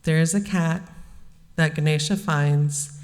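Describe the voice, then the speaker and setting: A woman who runs religious education, reading a children's story aloud in an animated way in a church service. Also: deep voice, a little slow. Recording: long hall reverb.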